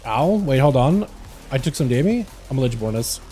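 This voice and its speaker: A man's voice: mid-range voice, big pitch swings, moderate pace, mellow, faint music behind. Laid-back young man streaming a game. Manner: laid-back, chatty, talks to teammates. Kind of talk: casual live gameplay commentary.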